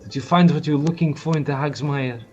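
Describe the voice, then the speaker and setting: A man's voice: fairly high pitch, fast, darkish tone, dull audio, faint music behind, voice pushed up, lightly acted. A man voicing a grateful, gracious male town priest who speaks formally and courteously.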